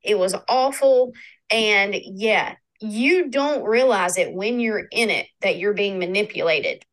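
A woman's voice: mid-range voice, slow pace, poor audio. A woman with a Southern US accent, leaving a recorded voice message for a podcast about her own experience, earnest and personal. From North Carolina. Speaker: listener sending in a voice message.

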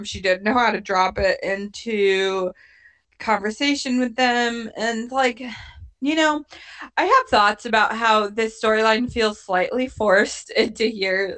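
A woman's voice: medium pitch, fairly bright tone. A young woman co-hosting a podcast in casual chat, talking in loose, filler-filled sentences and laughing often. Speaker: podcast co-host recapping a TV show.

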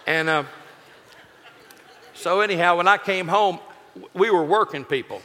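Man in his sixties, folksy joking preacher, bright forceful tone, long hall reverb, sermon storytelling. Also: high-pitched, normal speed. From Texas. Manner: folksy, joking, lively delivery. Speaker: pastor.

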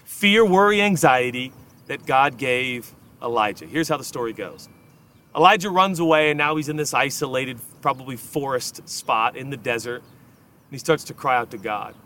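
A young adult man, a pastor delivering a sermon in a conversational, emphatic way, swinging between hushed asides and loud stresses. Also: medium pitch.

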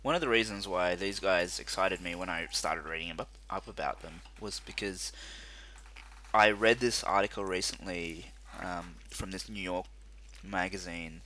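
A man co-hosting a casual chat, rambling and animated with lots of fillers. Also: deep voice, normal speed, a little hiss or hum. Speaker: podcast co-host.

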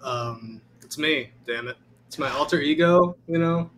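A man's voice: on the high side, unhurried, fairly bright tone, a little hiss or hum. A man from the Chicago suburbs, a musician guest in an interview, talking in a hesitant, laid-back way. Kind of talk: casual interview chat.

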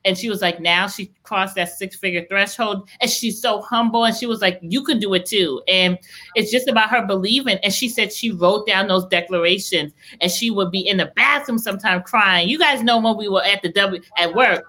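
Speaking briskly with a sharp tone and medium pitch, a young woman hosts a podcast as a casual live-stream chat. Her eager talk on faith and business is enthusiastic and faith-filled. It rambles, with lots of restarts.

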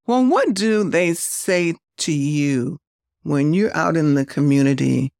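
A man with a gravelly, slightly raised voice hosts the interview and asks gentle, probing questions. He chimes in with short affirmations. The recording is dry and close. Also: fairly high pitch, expressive, slow pace, no echo. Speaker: host, interviewer. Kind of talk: casual interview talk.

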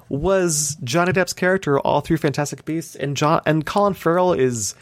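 A man's voice: on the high side, unhurried, dry recording. A man co-hosting a podcast in casual chat, ranting heatedly with lots of swearing and "like" fillers. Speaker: podcast co-host.

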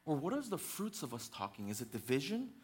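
Male pastor, slightly high voice, passionate sermon with fillers, climbs to intense peaks. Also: wildly swooping pitch, a little fast, breathy edge. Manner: passionate, rising to near-shouting intensity; conversational with many fillers and restarts.

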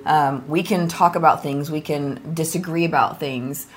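A woman co-hosting a relaxed talk on relationships, blunt and direct, with lots of "like" and "um". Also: sits low, moderate pace, slight background noise. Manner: blunt and direct, filler-heavy. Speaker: ministry co-host. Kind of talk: casual conversation about marriage.

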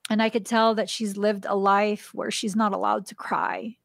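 A woman's voice: normal speed, vocal fry, dry recording, studio quality. A woman hosting a spiritual podcast, telling a personal story in a casual way and acting out the voices in the dialogue. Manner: animated, acts out quoted dialogue in a higher voice; drops to a soft, hushed voice for tender moments. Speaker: podcast host.

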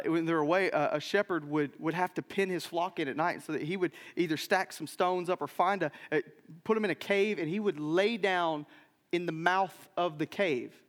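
A male pastor delivering a sermon in a church, telling stories in an animated way and often checking in with "right?". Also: on the high side, in a large hall. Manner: animated storytelling with frequent "right?" asides. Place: church sanctuary.

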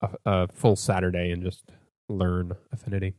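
A man's voice: low-pitched, little pitch movement, moderate pace, darkish tone, dry recording, clean studio sound. A man hosting a casual tech podcast, rambling a little with fillers and restarts. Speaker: podcast host.

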